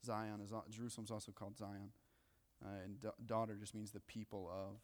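A male pastor preaching a sermon in a casual, joking way, swinging between loud excitement and hushed asides. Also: lowish voice, a little fast. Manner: conversational, joking. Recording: long reverb of a large hall.

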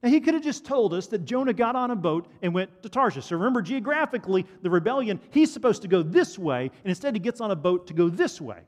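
A man preaching a sermon to a congregation, animated and asking the listeners questions. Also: high-pitched, fast talker, few pauses. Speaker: pastor. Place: church hall. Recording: long hall reverb.

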